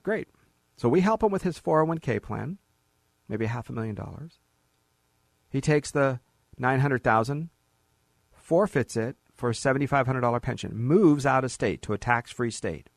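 A middle-aged man hosts a conversational financial advice radio show, animatedly telling client stories and mocking bureaucrats in quoted asides with put-on voices. His mid-range voice is creaky, at normal speed with frequent pauses, and the sound is clean studio quality with no room noise.

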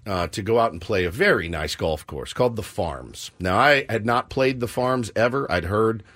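A middle-aged radio show host with a lowish voice, speaking at a normal speed, shares a story in casual, bantering fashion. He's animated and self-mocking, jumping into the voices of the people he quotes.

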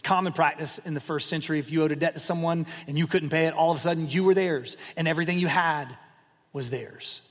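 Pastor, male, expressive storyteller; husky voice, long hall reverb. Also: fairly high pitch, quick pace. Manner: expressive, emphatic storytelling with asides. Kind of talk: sermon.

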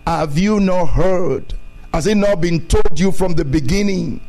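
High-voiced preacher man. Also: unhurried, a little mellow, soft background music, poor audio. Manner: repetitive preaching, rising emphatic declarations. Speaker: pastor. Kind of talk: sermon.

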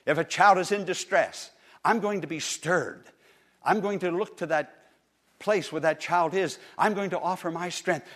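A man's voice: fairly high pitch, fairly bright tone, slightly rough. A man preaching a sermon with passion, calling on the listeners to answer him, his delivery swelling and dropping. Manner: impassioned, rising and falling, calls on listeners to answer.

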